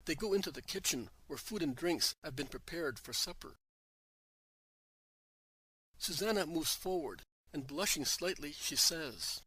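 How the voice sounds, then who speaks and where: Guy narrating a religious audiobook, bright husky voice, steady and plain. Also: fairly high pitch, unhurried, no echo, poor audio. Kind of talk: devotional audiobook reading.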